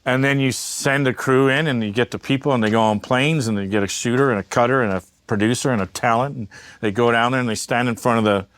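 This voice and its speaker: A man's voice: mid-range voice, fairly even intonation, fast, fairly bright tone, dry recording. A man giving a candid interview, talking bluntly and emphatically, swearing freely and wandering into asides. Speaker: media entrepreneur and interview guest.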